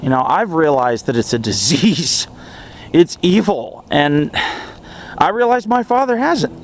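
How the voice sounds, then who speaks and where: A young man in a casual self-help vlog monologue, earnest and animated, chuckling often as he talks. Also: a little high, unhurried, a little hiss or hum. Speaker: vlogger.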